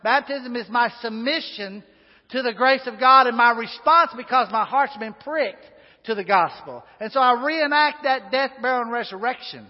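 A man's voice: very high-pitched, normal speed. A man preaching a sermon in a church, folksy and chatty, with asides and fillers. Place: church sanctuary. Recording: dull sound with long hall reverb.

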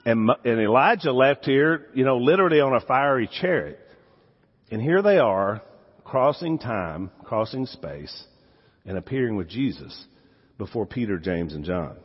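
A man with a Southern US accent preaching a sermon as pastor, swinging from loud emphasis to quiet asides. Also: mid-range voice, animated, moderate pace, husky. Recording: dull sound with long hall reverb.

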